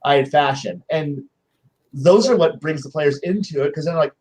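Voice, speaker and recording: A man with a high voice sits on a panel swapping tabletop game anecdotes. He talks in loose casual chat, full of restarts and little acted-out quotes from his players. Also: normal speed, a little mellow.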